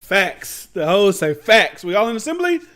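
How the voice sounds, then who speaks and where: A man's voice: sits high, very animated, fairly quick, a bit bright. A man hosting a podcast, giving blunt, rambling commentary in slangy street talk. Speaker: podcast host. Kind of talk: casual commentary.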